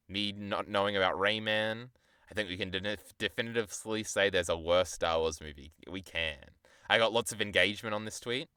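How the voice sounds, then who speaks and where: A man's voice: low voice, pushed and bright, smooth, no room sound, clean studio sound. A young man streamer rambling in a casual, profane, self-deprecating way while he chats to his viewers.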